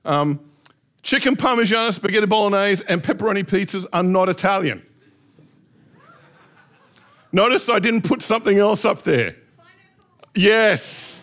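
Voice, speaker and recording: A middle-aged man telling lively anecdotes in a relaxed storytelling talk, often laughing as he goes. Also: high voice, moderate pace. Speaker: speaker.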